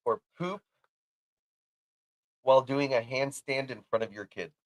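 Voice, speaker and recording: A man's voice: medium pitch, a little slow, no echo. An easygoing man co-hosts a casual podcast, rambling through his answers with frequent giggles. His voice sits in a middle range. The recording is close and dry. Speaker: podcast co-host. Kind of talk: casual chat.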